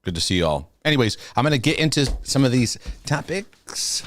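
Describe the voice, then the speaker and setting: A man's voice: mid-range voice, very animated, normal speed, a bit bright. A man hosting a live-streamed Q&A, chatting casually with viewers, laughing often and restarting his sentences. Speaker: host of a live Q&A.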